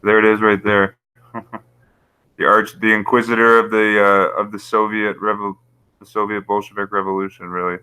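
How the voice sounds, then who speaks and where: Flat-voiced man with a bright, crisp tone. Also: lowish voice, normal speed, no room sound, poor audio. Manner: rambling, conspiratorial, laughs at his own points. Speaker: YouTube channel host. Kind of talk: casual screen-share commentary reading live chat.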